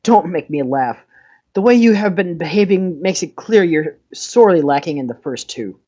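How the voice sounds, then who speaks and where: A woman voicing a calm, sarcastic young male knight with a cool, mocking manner. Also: deep voice, normal speed, husky, muffled recording, pitched below the performer's own voice, full character voice. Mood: sarcastic, stern.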